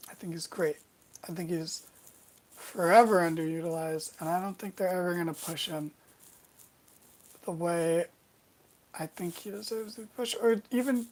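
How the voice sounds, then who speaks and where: A woman with a fairly low voice talks through a wrestling recap in a loose, casual way. She wanders between points and keeps dropping in wry, sarcastic little asides. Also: rough recording.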